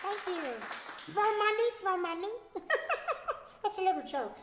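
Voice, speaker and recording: A man's voice: very high voice, very animated, slow, echoey room, a crowd in the background, noisy background, exaggerated voice. A puppeteer voicing a cheerful little male monster who talks about himself in the third person. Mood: sweet, eager. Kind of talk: comedy sketch puppet banter.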